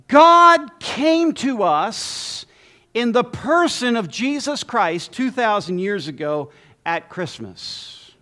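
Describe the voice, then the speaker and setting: A man preaching a sermon as pastor, emphatic with dramatic pauses and lists. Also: very high voice, sharp tone.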